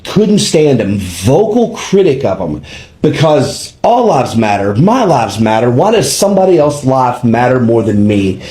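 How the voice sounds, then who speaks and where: A man's voice: medium pitch, measured pace. A man telling a personal story in conversation, acting out the dialogue he quotes. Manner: animated, acts out quoted dialogue. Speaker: guest telling his story. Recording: roomy echo.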